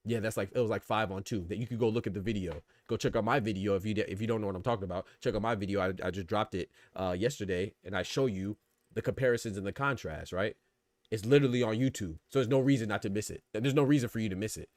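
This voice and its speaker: A man's voice: fairly low pitch, fast talker, darkish tone, dry recording. A man hosting a boxing podcast, talking casually and with energy, asking rhetorical questions and reading out chat comments. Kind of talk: casual live-stream commentary.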